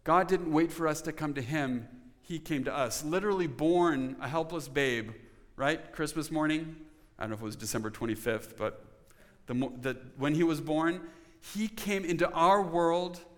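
A man's voice: a little high, moderate pace, a bit bright. Earnest male preacher in a reverberant hall. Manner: earnest, conversational preaching with audience questions. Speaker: pastor. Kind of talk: sermon.

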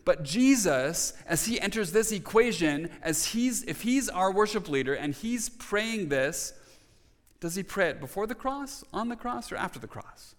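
A pastor delivers his sermon in a somewhat high voice, with the sound ringing out through a long, reverberant church hall. He preaches with emphasis, poses rhetorical questions and often restarts his phrases. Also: animated, unhurried.

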